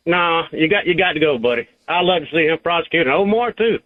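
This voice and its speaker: A man's voice: a little high, animated, brisk, dry recording. A man from Georgia with a Southern accent, calling in to a talk radio show and speaking casually, in a folksy way, often repeating his words. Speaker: caller. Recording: tinny phone line.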